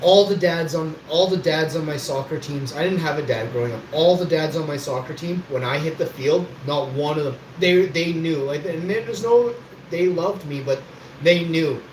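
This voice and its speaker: A man's voice: on the high side, moderate pace. A man telling rambling, boastful stories on a livestream and swearing freely. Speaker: livestream host. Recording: echoey room with background noise.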